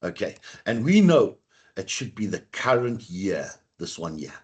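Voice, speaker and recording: A man's voice: on the low side, very animated, a little slow, a little mellow, husky. A man teaching a live online computer class, chatty and encouraging, talking straight to his students.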